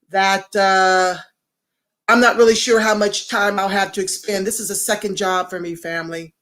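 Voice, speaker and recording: A woman hosting a casual livestream, talking straight to viewers and greeting commenters by name. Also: medium pitch. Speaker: livestream host.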